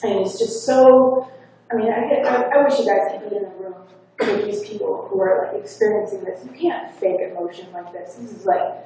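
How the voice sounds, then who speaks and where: Speaking at a medium pitch with a mellow, expressive tone, a woman hypnotherapist moves at a moderate pace through a chatty account of a client's session during a conference talk. A faulty wireless lapel mic captures her from a distance, along with faint hiss and the conference hall's echo.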